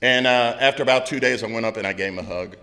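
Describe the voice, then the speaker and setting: A middle-aged man speaking at a recovery meeting, telling his story in a loud, blunt, candid way with plenty of swearing. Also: mid-range voice, fast talker. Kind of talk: candid personal recovery share. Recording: long hall reverb.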